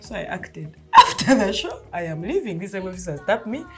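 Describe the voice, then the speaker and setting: A woman in her thirties recounts a personal story with a Ugandan English accent, keeping it casual and animated, laughing often and acting out dialogue. She speaks at medium pitch and a moderate pace, with faint music behind her.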